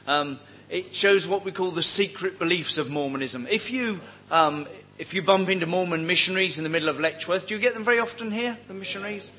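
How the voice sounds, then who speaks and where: A man's voice: high-pitched, fairly quick, few pauses, pushed and bright, poor audio. Wry man giving a teaching talk. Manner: chatty and wry, with many ums and asides. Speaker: seminar speaker on cults.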